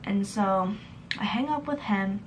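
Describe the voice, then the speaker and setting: A young woman tells a storytime tale for her vlog, animatedly playing out each quoted line. Her voice sits in a middle pitch for a woman. A faint hiss of background noise stays under her talk throughout. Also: unhurried. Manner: animated retelling, acting out quoted texts. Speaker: vlogger.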